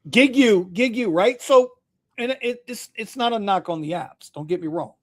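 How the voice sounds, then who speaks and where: A man's voice: sits high, moderate pace. Jokey man hosting a live show. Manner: loose and jokey, lots of "bro" and laughter. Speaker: host. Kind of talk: casual livestream chat.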